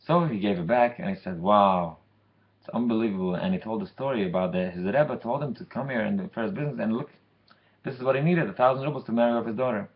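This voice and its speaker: A man telling a story for a weekly Torah lesson in a lively way, acting out the characters. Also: medium pitch, fast talker, highs cut off.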